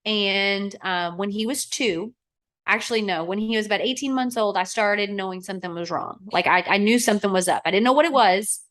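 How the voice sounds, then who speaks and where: A woman's voice: mid-range voice, fairly quick. A woman in her thirties, a real estate agent from Arizona, telling stories in casual chat and acting out what people said. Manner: animated, acts out quotes with a raised voice. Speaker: guest.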